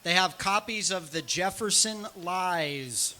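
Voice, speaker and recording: A man's voice: high-pitched, normal speed, bright, forceful tone. A man hosting talk radio, giving emphatic, opinionated commentary. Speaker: radio host.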